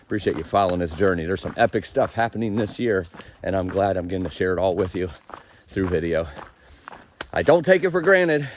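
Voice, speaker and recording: A man with a lowish voice talks to his camera while hiking a wooded mountain trail. He rambles and laughs at his own stumbles over words, and his voice sometimes drops away from the mic. A faint hiss sits under the outdoor recording. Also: animated, brisk. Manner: rambling and self-deprecating, laughs at himself. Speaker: thru-hiker vlogging the trail. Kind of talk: casual trail vlog narration.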